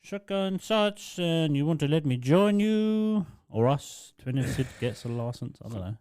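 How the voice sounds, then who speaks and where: A man's voice: a little high, expressive, a little slow, darkish tone, smooth, no echo, studio quality. Blunt, swearing young Essex man. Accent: Essex English. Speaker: podcast co-host. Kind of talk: casual chat.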